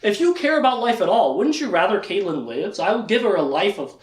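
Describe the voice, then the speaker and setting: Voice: medium pitch, big pitch swings, brisk, roomy sound, close to an everyday voice. A speaker voicing a smug tyrant wizard. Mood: scheming. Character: scheming powerful male wizard tyrant.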